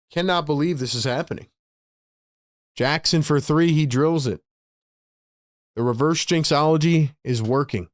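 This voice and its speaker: A man's voice: fairly high pitch, no echo, studio quality. A man hosting a fan show, calling the game play by play and chatting with viewers between plays. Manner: fast, chatty, laughs often, reads viewer messages. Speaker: host and play-by-play caller. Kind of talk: live fan play-by-play and chat.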